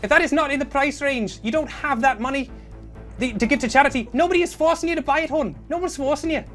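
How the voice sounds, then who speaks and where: A man doing a high, prim impression of a defensive young woman influencer, slipping as he laughs. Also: fast talker, fairly bright tone, soft background music.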